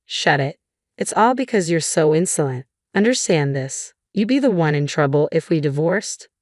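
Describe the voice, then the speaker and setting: A woman voicing a bossy, insulting middle-aged husband who talks with contempt, read in a low, dry storytelling voice. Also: animated, normal speed, no echo. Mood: scornful. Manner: yelling, contemptuous.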